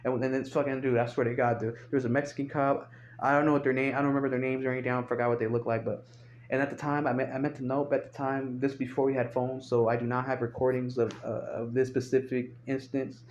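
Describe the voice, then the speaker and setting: A man's voice: medium pitch, little pitch movement, fast, darkish tone, a little hiss or hum. A young man telling a rambling, profane story in casual speech, recorded on a phone. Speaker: storyteller vlogger. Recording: dull lo-fi phone audio.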